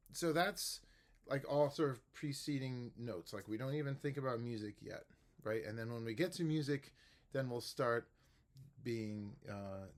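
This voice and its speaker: A man who teaches music, explaining a method to the camera in a relaxed, rambling way with many fillers and restarts. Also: mid-range voice. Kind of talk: casual instructional talk to camera.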